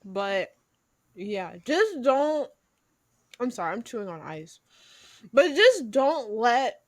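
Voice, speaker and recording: Rambling young woman, bright voice. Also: fairly high pitch, dry recording. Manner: rambling with lots of "like", quick laughs. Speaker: podcast co-host. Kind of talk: casual chat.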